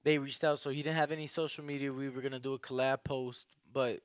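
A man's voice: mid-range voice, level tone, quick pace, clean tone, no room sound. Slangy young male co-host, dry sound. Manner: slangy, says "bro" a lot, stumbling restarts. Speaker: podcast co-host. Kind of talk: casual chat.

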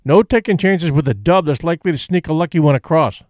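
A man's voice: on the high side, fast talker, darkish tone, no echo, studio quality, natural voice. A man reading aloud and voicing a cautious boxing manager who warns and gloats. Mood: warning. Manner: warning and gloating.

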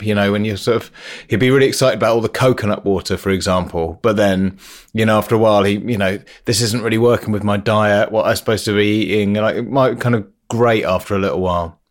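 Host: man, lowish voice, tentative and musing, fills pauses with "you know". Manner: tentative, musing, lots of fillers. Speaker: podcast host. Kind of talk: casual chat.

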